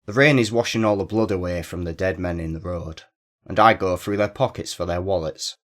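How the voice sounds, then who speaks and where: A man narrating a first-person crime story in a steady, measured way. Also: low-pitched.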